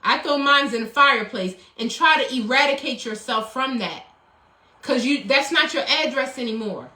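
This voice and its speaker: A woman's voice: sits high, lively intonation, normal speed, bright, forceful tone. A middle-aged woman, coaching viewers on a live stream in an emphatic, preachy way and thanking commenters by name. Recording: echoey room.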